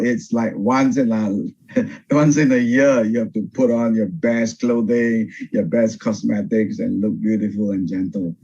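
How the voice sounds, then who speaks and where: Older pastor, dull video-call sound. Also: male voice, fairly low pitch, slightly rough. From Singapore. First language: Teochew. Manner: animated, pauses and restarts often. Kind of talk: Bible study teaching. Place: home over video call.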